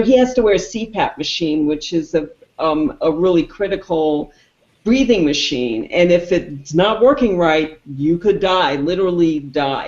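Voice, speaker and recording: Animated movie review host acting out scenes, echoey dull-sounding room. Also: mid-range voice. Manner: animated storyteller who acts out the characters' lines. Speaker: film review show co-host. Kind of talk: casual film review chat.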